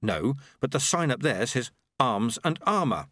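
A man's voice: mid-range voice, big pitch swings, unhurried, bright, forceful tone, dry recording, clean studio sound, heavily acted. A man reading an audiobook, voicing an earnest young monk who speaks hesitantly and carefully.

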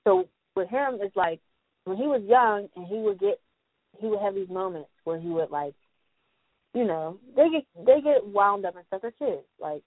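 Brief: woman guest, casual chat, animated, acts out voices; tinny, dry recording. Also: medium pitch, normal speed, no echo. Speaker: podcast guest. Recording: tinny phone-like sound, dry.

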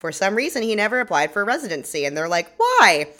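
A woman's voice: medium pitch, expressive, fast talker, a bit bright. A woman co-hosting a podcast, recapping a TV episode in casual chat, often laughing and acting out characters' lines. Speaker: podcast co-host.

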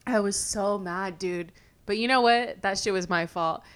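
A young woman from California hosting a podcast, telling stories in a casual, animated way, full of fillers and swearing. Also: medium pitch, a little slow, clear, resonant tone. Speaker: podcast host. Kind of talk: casual storytelling chat.

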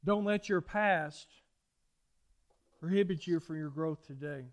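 A middle-aged preacher with a notably high voice. He tells folksy, animated stories from the pulpit, circling back to repeat his points. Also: unhurried. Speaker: pastor. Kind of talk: sermon.

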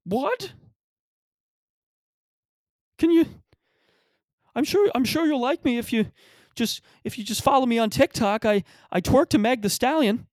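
A man doing a very high, whiny voice for a pampered young social media kid who pleads in a flustered way. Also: animated, a little slow, pauses often, a little mellow, no echo, studio quality.

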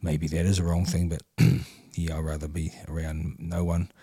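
Deep-voiced New Zealand man, candid. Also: completely flat delivery, moderate pace, mellow, breathy edge, no echo, clean studio sound. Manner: reflective and candid, trailing off with many fillers. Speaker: guest, former boxer. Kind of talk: casual podcast conversation.

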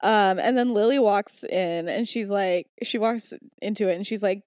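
A woman's voice: mid-range voice, normal speed, few pauses, a little mellow. A young woman co-hosting a podcast, casually telling a story in a chatty, giggly way. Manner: chatty, giggly, many fillers. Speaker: podcast co-host. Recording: echoey room.

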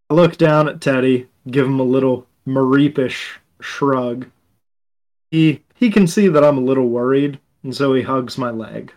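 A man telling his character's story in the first person, reflective and unhurried, as a player in a tabletop game podcast. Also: medium pitch, rough recording.

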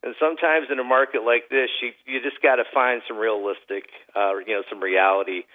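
A man giving a relaxed radio interview as an investment advisor, telling folksy stories with lots of "you know" fillers. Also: medium pitch, brisk, narrow, tinny audio. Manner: folksy storyteller, many fillers. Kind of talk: casual radio interview chat.

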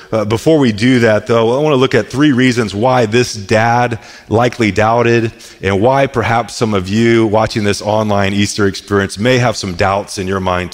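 A man in his thirties preaching a casual, conversational sermon, often repeating words as he restarts his sentences. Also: fairly low pitch. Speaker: pastor. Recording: echoey hall.

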